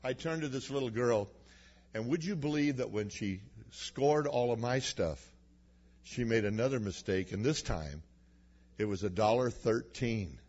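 A man's voice: medium pitch, a little slow, darkish tone. A male preacher giving a sermon to a congregation, telling personal stories in a folksy, humorous way. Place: church before a congregation. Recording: dull lo-fi recording.

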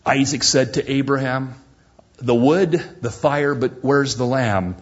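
A man preaching a sermon with dramatic emphasis, slowing down and dropping to a near whisper on key words. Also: medium pitch, breathy edge, lo-fi sound.

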